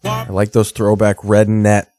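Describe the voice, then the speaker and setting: A man's voice: lowish voice, completely flat delivery, measured pace, over music. A man in his thirties doing casual, profane, rambling commentary while reacting to TV. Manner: rambling, sardonic storytelling. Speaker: streamer reacting to TV.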